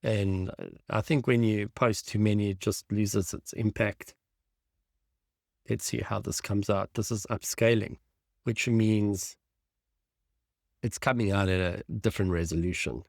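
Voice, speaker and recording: A man with a low, gravelly voice leads a design tutorial over a screen share. He thinks aloud with enthusiasm as he clicks through images, recorded in a dry, close sound. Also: steady tone, measured pace, long pauses, a little mellow, dry recording. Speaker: design instructor.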